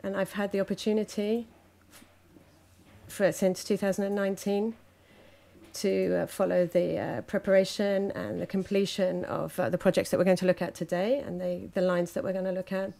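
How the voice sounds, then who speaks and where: A woman interpreting speeches live at a conference, halting often with fillers between phrases. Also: mid-range voice, flat delivery, vocal fry, dark tone.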